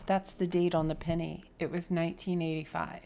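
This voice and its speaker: A woman giving a spiritual tarot reading, telling a personal story in an earnest, heartfelt way and sometimes dropping to a soft whisper. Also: on the low side, level tone, fairly quick. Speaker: tarot reader.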